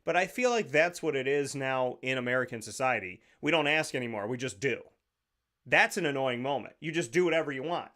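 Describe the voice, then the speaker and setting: Into a studio microphone, a show host delivers a casual talk-show monologue in a brisk, expressive, slightly bright mid-range voice. He tells stories that wander off on tangents and are laced with jokes.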